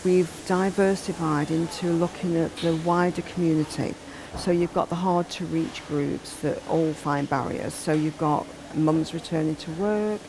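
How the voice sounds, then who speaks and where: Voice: medium pitch, vocal fry, background noise. A manager explaining how the workshop supports people into work. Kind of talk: interview answer.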